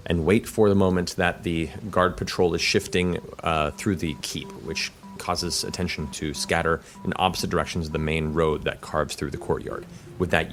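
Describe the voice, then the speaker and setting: A man narrating as game master of a tabletop game, in a measured, descriptive way with frequent fillers. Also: low-pitched.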